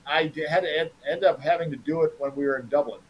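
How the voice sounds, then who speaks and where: A man's voice: a little high, fairly even intonation, fast, rough recording. A man, an improv performer, chatting casually as a guest and telling stories about his work. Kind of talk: casual interview chat.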